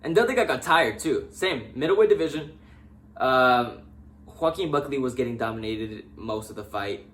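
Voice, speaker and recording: A young man casually recapping MMA fights, excitable and talking straight to the fighters. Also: medium pitch, moderate pace. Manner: excitable, talks directly to fighters. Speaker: MMA fan vlogger.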